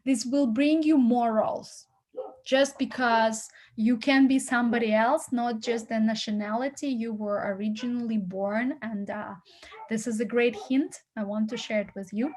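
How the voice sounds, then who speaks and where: A woman's voice: a little high, steady tone, normal speed, darkish tone. Encouraging woman casting coach, rambling advice. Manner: encouraging, rambling, many fillers. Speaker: casting coach giving feedback. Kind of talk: critique and advice to actors.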